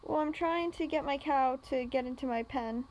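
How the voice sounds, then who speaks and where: A young woman with a very high voice chats while she plays a game. She keeps coaxing and pleading with a pet cow in a doting way. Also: moderate pace, darkish tone, low-quality recording. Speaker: gamer. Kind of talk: casual gaming chat.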